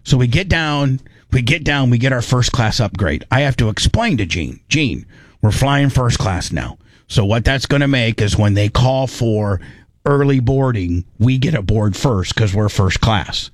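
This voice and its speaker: A man hosting a podcast, telling a story in a rambling, animated way with lots of restarts. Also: medium pitch, measured pace, no echo. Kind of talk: casual storytelling.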